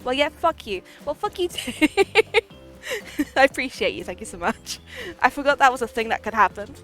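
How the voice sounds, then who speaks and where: A woman's voice: fairly high pitch, expressive, normal speed, fairly bright tone. A woman streaming a game live, chatting playfully with viewers, giggling often, and reading the game's text aloud. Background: faint game music.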